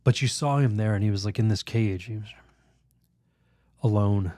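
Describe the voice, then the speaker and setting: A priest telling a lively story in a podcast interview, laughing often, acting out other people's voices, with halting restarts. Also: male voice, fairly low pitch, no echo, studio quality. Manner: animated, laughs often, acts out quoted voices. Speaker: priest guest.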